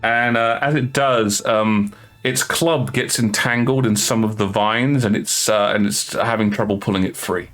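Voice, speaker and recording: A man's voice: fairly low pitch, fairly even intonation, unhurried, a bit bright, faint music behind. A man narrating as dungeon master, hesitant and full of fillers and restarts. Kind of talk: narrating a tabletop game.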